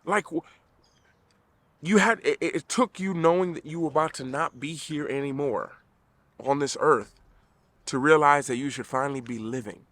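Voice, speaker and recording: Male vlogger, middle-aged, slightly high voice, emphatic motivational delivery to camera. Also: normal speed, pauses often, fairly bright tone, no echo. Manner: earnest, repetitive restarts, emphatic.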